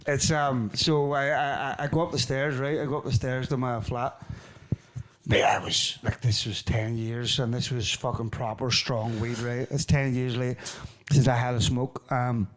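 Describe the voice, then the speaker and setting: A man's voice: medium pitch, flat delivery, moderate pace, few pauses. A man hosting a comedy podcast, telling a story in a casual way, swearing freely and acting out his own reactions. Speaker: podcast host.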